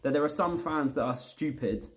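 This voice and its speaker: A man's voice: a little high, moderate pace, a little hiss or hum. A man giving a heated, blunt football match review as a fan vlogger, repeating himself and swearing.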